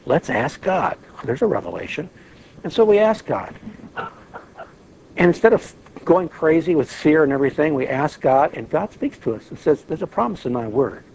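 A man leading an informal Bible study, lively and acting out prayers as he talks. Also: on the high side, moderate pace, creaky, a little hiss or hum, poor audio. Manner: animated, acts out prayers and quotes.

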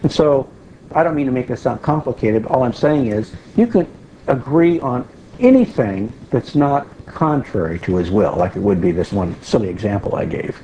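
Mellow-voiced man teaching scripture. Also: medium pitch, lively intonation, normal speed. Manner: explanatory, repeats key phrases for emphasis. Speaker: Bible teacher. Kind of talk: conversational Bible teaching. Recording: dull lo-fi recording with faint hiss.

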